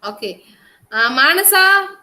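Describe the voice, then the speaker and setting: Indian woman, kindergarten teacher on a video call; high, drawn-out, patient delivery. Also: big pitch swings, pushed and bright, rough recording. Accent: Indian English. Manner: slow, coaxing, drawn-out words for young children. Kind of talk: online class teaching.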